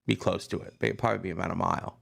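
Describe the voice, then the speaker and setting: A gravelly-voiced man, giving a relaxed classroom history lecture. He talks loosely and keeps checking in with his listeners. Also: low voice, very fast. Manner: chatty, loose, checks in with "right?". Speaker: history teacher.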